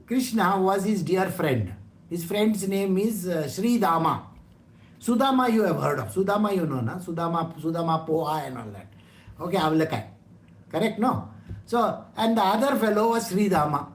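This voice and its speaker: A man's voice: high voice, lively intonation, moderate pace. A man with an Indian English accent teaches scripture in a loose, joking way, checking in with his listeners at every turn. His voice carries the ring of a roomy space. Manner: chatty, teasing, asks listeners questions. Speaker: spiritual teacher. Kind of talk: conversational scripture talk. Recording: roomy echo.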